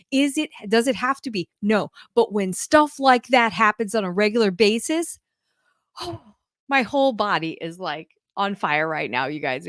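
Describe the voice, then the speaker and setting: A woman's voice: mid-range voice, no room sound, clean studio sound. A woman homeschool mentor talking casually to her viewers, gushing and effusive, often breaking into laughter. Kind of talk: casual talk to camera.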